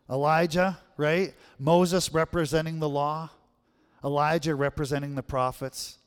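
In a church sanctuary, a male pastor preaches conversationally, often checking in with the congregation with a frequent "right?". His voice is on the high side and smooth, trailing a long reverb.

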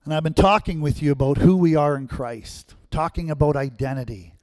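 A man's voice: a little high, brisk, a little mellow, dry recording, studio quality. A man preaching a sermon, telling a story and asking the congregation repeated rhetorical questions.

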